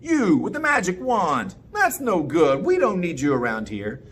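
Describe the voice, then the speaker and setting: A man's voice: sits high, wildly swooping pitch, a little slow, a bit bright, slight background noise, full character voice. A man voicing a crowd of grumpy townspeople in a children's story, scolding and indignant.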